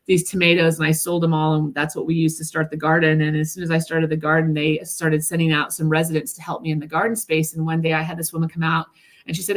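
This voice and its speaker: A woman's voice: deep voice, little pitch movement, fast. A woman guest in a casual interview, talking earnestly with lots of fillers and restarts, speaking from home. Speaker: guest, food nonprofit executive director. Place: at home by her garden.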